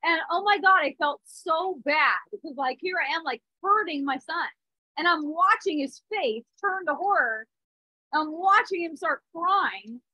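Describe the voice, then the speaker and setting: A woman's voice: extremely high pitch, pushed and bright, no room sound, dull audio. A woman in her thirties giving a spiritual talk, earnest, with small restarts and frequent check-ins. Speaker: spiritual teacher. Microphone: phone or device mic.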